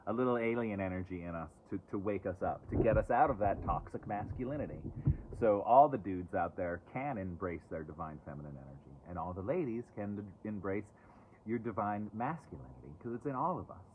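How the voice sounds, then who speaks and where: Guy doing a live oracle card reading outside, kinda low voice, sarcastic side comments, tinny phone sound. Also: animated, brisk, slight background noise. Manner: chatty, sarcastic asides, fidgety. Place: outdoors, away from home.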